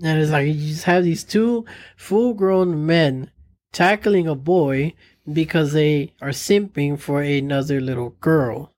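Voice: mid-range voice, slow, a little mellow. A co-host in a casual chat who laughs often and acts out lines in a folksy drawl. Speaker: podcast co-host.

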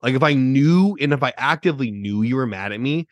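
A man's voice: mid-range voice, expressive, fairly quick, no room sound, clean studio sound. A man in a casual podcast chat, speaking candidly and swearing casually.

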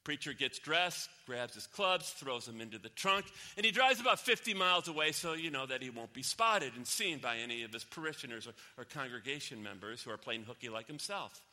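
A man preaching a sermon, swinging from loud exclamations to near whispers to tell a story. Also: medium pitch, expressive, a little fast, few pauses. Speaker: pastor.

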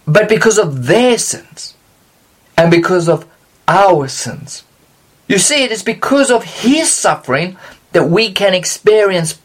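Measured scripture teacher with a mid-range voice who stresses key words by slowing down. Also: mid-range voice, sing-song. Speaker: Bible teacher.

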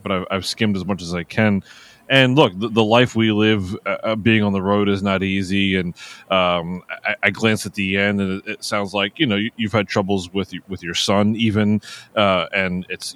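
A man hosting an interview, asking long, halting questions full of repeated words and fillers. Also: on the low side, a bit bright. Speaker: interviewer, host.

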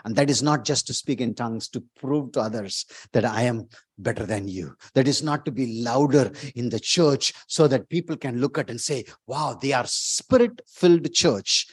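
A man preaching a sermon as pastor, emphatic, repeating words and rising to loud exclamations. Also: mid-range voice, moderate pace, breathy edge, no room sound.

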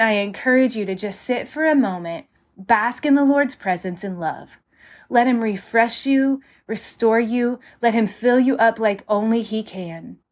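A young woman hosting a devotional podcast, reading scripture and praying in a heartfelt way. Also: mid-range voice. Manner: heartfelt, prayerful, repeats "God" and "Father".

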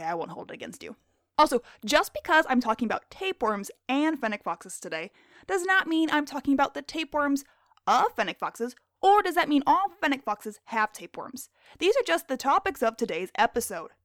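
A woman's voice: high voice, a bit bright, no echo, studio quality. A woman hosting a podcast, narrating scripted animal facts in a playful, jokey, self-deprecating way. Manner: jokey, self-deprecating, quizzes herself in a game-show bit. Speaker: podcast host.

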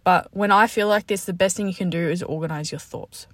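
Chatty low-voiced woman podcaster. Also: brisk, a bit bright, dry recording. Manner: chatty, upbeat, candid. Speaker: podcast host. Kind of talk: casual motivational talk. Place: parked car after the gym.

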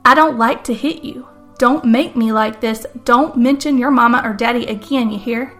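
A harsh old grandfather from a spoken murder tale, stern and quick to anger, as a woman storyteller puts him on. He scolds in a fairly high voice, with soft music under the words.

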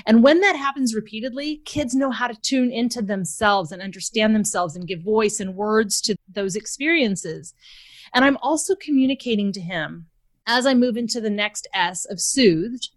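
A woman's voice: a little high, animated, moderate pace, dry recording. A woman guest on a podcast, a parenting expert talking through examples and stories in a conversational way. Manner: explains with examples, acts out quoted lines.

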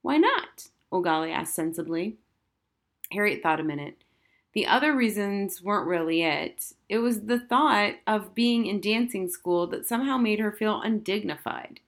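A woman's voice: mid-range voice, normal speed. A woman narrating a children's novel as an audiobook reading.

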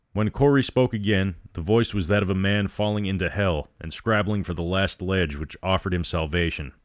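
Man narrating a story, measured, grave, deep voice, dry close sound. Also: dry recording. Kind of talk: dramatic story reading.

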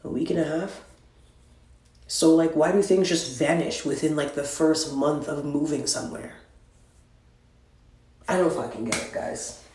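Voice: mid-range voice, unhurried, pauses often, a little mellow. A podcast host ranting alone in an exasperated, profane, rambling way, recorded in a newly moved-into, barely furnished apartment. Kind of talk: solo ranting monologue. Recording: echoey bare room.

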